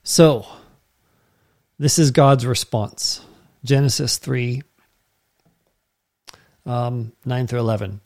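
A man's voice: mid-range voice, slow, long pauses, darkish tone. A man preaching a sermon as pastor, in a conversational way that keeps checking in with the listeners.

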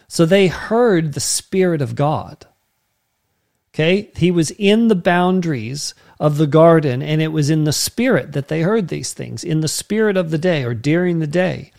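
A man's voice: a little high, expressive, gravelly, darkish tone. Conversational man teaching a Bible lesson. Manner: conversational teacher, frequent "okay?" checks; slow emphatic word-by-word explanations. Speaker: pastor.

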